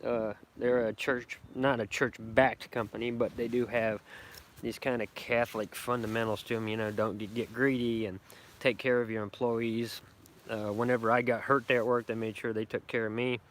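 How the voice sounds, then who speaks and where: A man's voice: medium pitch, little pitch movement, normal speed, slight background noise. A middle-aged man, rambling brashly and profanely on a casual live stream from his woodland camp. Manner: brash, profane, boastful country talk. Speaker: bushcraft vlogger doing a live stream.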